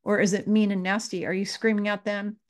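A woman's voice: medium pitch, flat delivery, a little fast. A woman spiritual teacher talking to her viewers, earnest and repeating her questions. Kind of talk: casual spiritual talk to camera.

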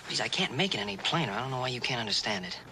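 An actor playing an earnest young cowboy who patiently teaches a deaf girl sign language, gently coaxing in a 1960s western TV drama. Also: medium pitch, animated, very fast, close to an everyday voice. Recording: noisy vintage TV soundtrack.

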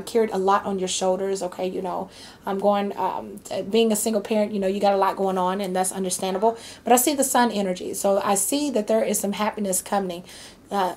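A woman's voice: medium pitch, a little mellow, slight background noise. A woman giving a casual tarot reading, chatty and reassuring, with many fillers and frequent okays. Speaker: tarot reader.

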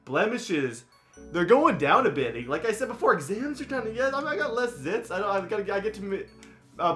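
A man's voice: fairly high pitch, a bit bright. A young man casually commenting on his own video game play, chatty and self-mocking, with lots of filler words. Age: young adult. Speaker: gaming YouTuber.

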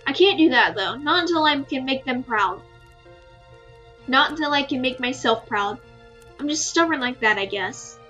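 A shy young heroine talks in hesitant, stammering bursts, voiced by a woman reading a visual novel. Her voice is high and bright. A little muffling and soft music sit under it. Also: lively intonation, moderate pace, lo-fi sound. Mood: wistful.

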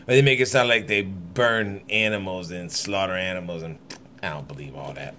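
A man with a deep, bright, forceful voice reads scripture aloud on his channel at a moderate pace, with a little hiss or hum in the background. He keeps breaking into rambling, irreverent asides, laughing often as he comments.

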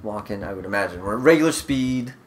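A young man casually commentating a horror game, curious and jokey, quick to laugh. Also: lowish voice, expressive. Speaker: let's play host. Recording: noisy game capture.

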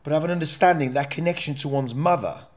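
A man's voice: a little high, fast talker. A man speaking as a podcast guest, telling a personal story in a candid, blunt and emotional way, with frequent swearing and rambling asides.

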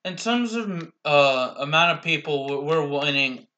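A young man casually commentating his own gameplay, rambling slowly with restarts, bothered by hiccups and coughs. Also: on the high side, animated, sharp tone, lo-fi sound.

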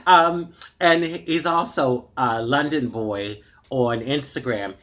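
Taking it slowly, this woman has a rumbling low voice with a fairly bright tone. She's an American vlogger talking casually to her tablet cam in a dimly lit home room, frank and frustrated, rambling with many "you know"s.

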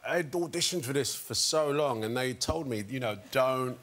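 A man's voice: mid-range voice, moderate pace. A man with a London accent, a guest on a TV chat show, telling laughing anecdotes. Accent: London English. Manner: laughing, relaxed storytelling. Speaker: guest actor.

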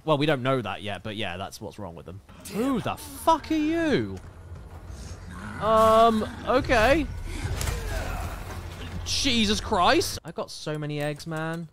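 A young man giving joking, excitable live commentary while playing a video game, swearing often. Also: a little high, slow pace, long pauses, background noise. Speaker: streamer.

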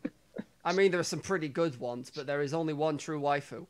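A man's voice: fairly high pitch, a little fast. A man co-hosting a podcast in casual chat, rambling and restarting his sentences, swearing casually. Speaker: podcast co-host.

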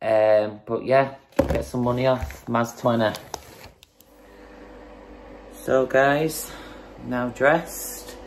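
A woman's voice: rumbling low, steady tone, extremely slow, long pauses, a little mellow, slight background noise. A woman casually chatting in a home vlog, breezy and swearing now and then as she shows off products. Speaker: fitness vlogger.

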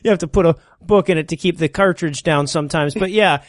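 A man with a fairly high voice recaps a bad film for a comedy podcast, tossing in sarcastic jokes and laughing along. The sound is close and dry. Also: brisk, no room sound. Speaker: podcast co-host.

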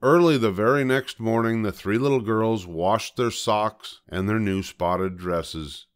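An older man reading a children's story aloud as storyteller, gentle and measured. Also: on the low side, smooth.

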